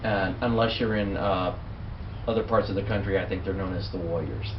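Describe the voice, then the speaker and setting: A man's voice: low-pitched, steady tone, a little fast, background noise. A man co-hosting a casual sports chat, joking and often trailing off mid-sentence. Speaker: co-host. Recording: distant, echoey, muffled home recording.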